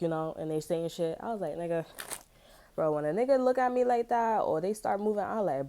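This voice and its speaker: Casual woman tarot reader, slightly low voice, chatty and slangy, laughs through her stories. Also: fast, dark tone, slight background noise. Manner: loose, slangy storytelling, laughs often.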